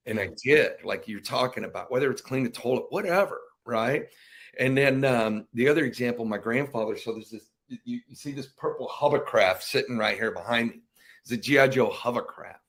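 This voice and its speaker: Medium in pitch, a little fast and a bit bright, this middle-aged man is a veteran guest on a podcast. He animatedly shares stories in a casual interview, imitating the voices of family members.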